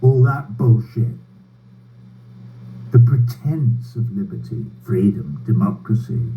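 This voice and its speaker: An older man giving a prepared, sardonic political speech over a video call, slow and bitter, with wry laughs and swearing. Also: fairly low pitch, expressive. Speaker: speaker addressing a rally by video. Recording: tinny phone-like line with faint hum.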